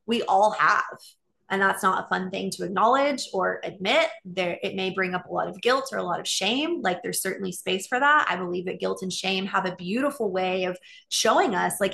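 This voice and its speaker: A woman's voice: medium pitch, normal speed, vocal fry, sharp tone. A middle-aged woman talking earnestly and openly in a casual monologue, with many "like" fillers.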